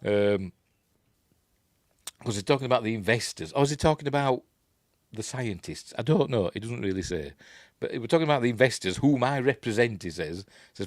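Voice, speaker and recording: A man's voice: mid-range voice, expressive, fairly quick, no room sound, studio quality. A man with a Yorkshire accent giving a casual, rambling film commentary while the film plays, with hesitant asides. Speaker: film reviewer.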